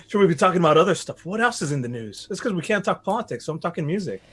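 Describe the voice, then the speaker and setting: A man's voice: high voice, very animated, quick pace, fairly bright tone, breathy edge. A man chatting casually and rambling as game master of a tabletop game, then recapping the story. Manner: rambling, joking.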